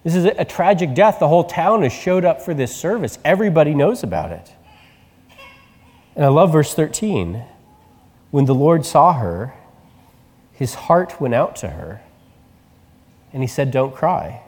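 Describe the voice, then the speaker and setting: A male pastor delivering a sermon in a conversational, animated storytelling manner. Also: fairly high pitch, a little slow, pauses often, husky, in a large hall. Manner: conversational preaching, animated retelling.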